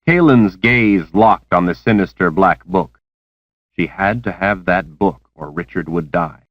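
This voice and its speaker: Brief: deep male narrator reading steadily, close and dry, lo-fi tape. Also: moderate pace, breathy edge, no room sound. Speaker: audiobook narrator. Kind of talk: audiobook narration. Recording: dull lo-fi cassette recording.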